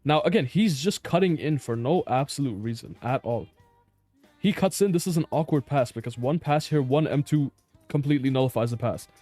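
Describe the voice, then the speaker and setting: Male player doing a blunt, frustrated review of his own match, mid-pitched voice with soft music underneath. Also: a little fast, dry recording. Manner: blunt, exasperated, swears and laughs in disbelief. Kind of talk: casual gameplay review commentary.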